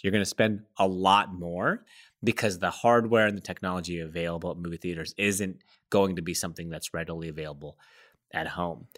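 A man's voice: low-pitched, a bit bright. A man co-hosting a podcast in casual chat, playful and self-mocking as he speculates on a topic. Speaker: podcast co-host.

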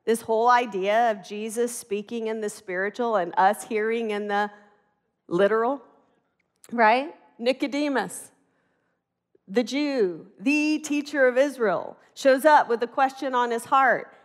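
A middle-aged woman preaching a sermon in an animated, conversational way, acting out the voices in her stories. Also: fairly high pitch, a little slow, big-room sound.

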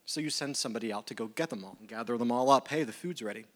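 A man preaching a sermon in a relaxed, conversational tone. He slips into lively acted-out dialogue as he retells a story, and his pitch sits in a middle range. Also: rapid-fire. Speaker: pastor.

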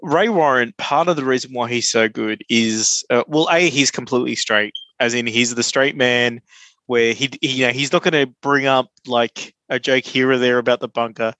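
A man's voice: medium pitch, steady tone, moderate pace, pushed and bright, no room sound. A man co-hosting a casual sports podcast, earnest and talking his thoughts through as he goes. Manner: earnest, filler-heavy, talks things through. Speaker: podcast co-host.

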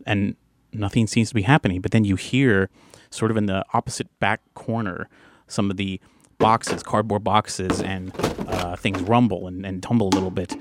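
A man's voice: on the low side, background noise. A man narrating as the game master of a tabletop game in a casual, hesitant way with many fillers.

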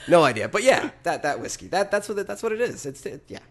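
Rambling, halting male podcast host. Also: sits high, very animated. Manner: rambling, halting, self-deprecating. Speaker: podcast host running a blind tasting. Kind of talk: casual chat.

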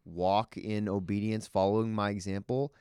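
Man, very deep dark tired voice, laid-back church podcast co-host. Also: steady tone, moderate pace, clean tone, no room sound, studio quality. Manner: deep, tired, low-key agreeing.

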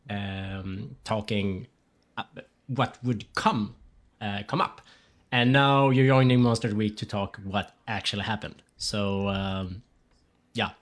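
A man with a Swedish accent co-hosting a podcast, easygoing and joking, with many fillers in casual chat. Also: on the low side. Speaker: podcast co-host.

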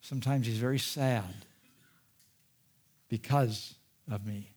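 A man preaching a sermon, reading scripture aloud and commenting, with emphatic peaks and quiet, soft-spoken asides. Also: mid-range voice, slow, husky. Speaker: pastor.

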